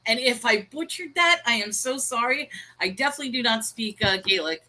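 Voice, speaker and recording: A woman's voice: fairly high pitch, lively intonation, fairly quick, bright, forceful tone, poor audio. A woman co-hosting a casual livestream discussion, chatty and laughing at her own pronunciation. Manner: chatty, self-deprecating about pronunciation; reads viewer chat aloud and greets viewers.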